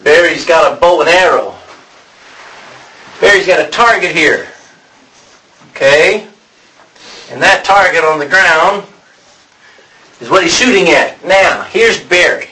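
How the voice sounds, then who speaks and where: A man's voice: on the high side, takes it slowly, long pauses, sharp tone, poor audio. Man preaching a casual sermon. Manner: conversational, stops to correct himself, clears throat often. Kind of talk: sermon teaching.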